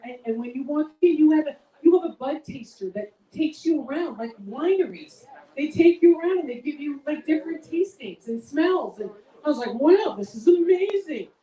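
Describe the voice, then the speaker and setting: A middle-aged woman with a warm voice does a chatty, self-mocking stand-up set for a live audience, her pitch swinging widely. She sits far from the mic in an echoey event room, so her voice comes through off-mic.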